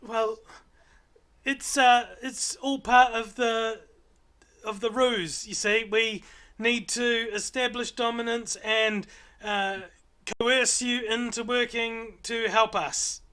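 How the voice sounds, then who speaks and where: A man's voice: extremely high pitch, fairly even intonation, takes it slowly, bright, forceful tone, clean tone, voice pushed up, heavily acted. A man doing a tiny earnest owlet kid. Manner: earnest, explaining politely. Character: tiny fluffy owlfolk kid, earnest and polite.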